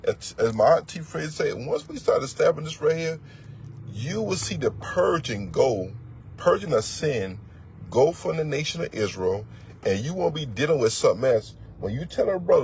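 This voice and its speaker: A man's voice: on the high side, very animated, normal speed, a little hiss or hum. A man teaching as a religious elder, preaching in a blunt, profane, emphatic way and repeating words for force. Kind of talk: fiery sermon-style teaching.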